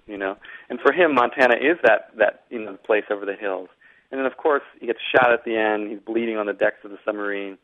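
A man's voice: fairly low pitch, fast talker. A man from Boston, an author and guest, talking thoughtfully with many restarts over a tinny phone line. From Boston, United States. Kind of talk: casual interview conversation.

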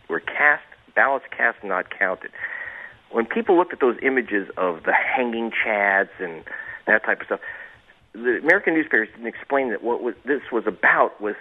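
A low-voiced man calls in to a radio show as a reporter guest. He rambles through sarcastic asides and frequent restarts. His voice comes through a thin, tinny phone line. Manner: sarcastic, digressive, many restarts.

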